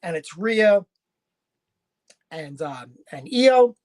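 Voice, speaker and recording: A woman's voice: mid-range voice, expressive, drawn-out words, darkish tone. A woman casually recapping a wrestling show, chatty and rambling with frequent fillers and restarts.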